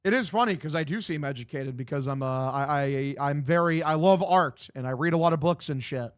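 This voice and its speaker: Young male streamer, fairly high voice, loose and profane, dead-dry home mic. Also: brisk, clean tone, no echo. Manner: loose, profane, reads chat aloud and answers. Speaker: streamer doing live play-by-play. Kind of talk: casual stream chat with play-by-play commentary. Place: home room.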